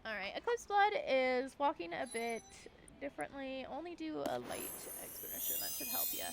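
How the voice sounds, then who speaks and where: Chatty high-voiced woman streamer. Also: sing-song, moderate pace, gravelly, hardly any pauses. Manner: chatty, giggly, talks to her horse. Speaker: game streamer. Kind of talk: casual gameplay chat. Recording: faint game music behind.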